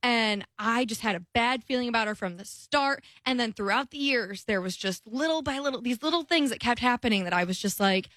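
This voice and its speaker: A young woman co-hosting a casual chat show, chatty and lively, acting out the voices of people she quotes. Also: fairly high pitch, fairly quick, few pauses, no echo, studio quality. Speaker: podcast co-host.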